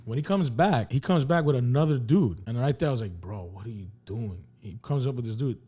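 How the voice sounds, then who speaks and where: A man's voice: medium pitch, fast talker. A man telling a story on a podcast in a casual, profane way, acting out the dialogue. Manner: animated, profane, acts out dialogue. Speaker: podcast host.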